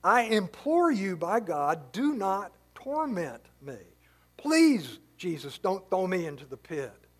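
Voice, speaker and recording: A preacher voicing frightened male demons who beg for mercy, in a high voice with panicked questions. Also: big pitch swings, takes it slowly, full character voice. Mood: pleading.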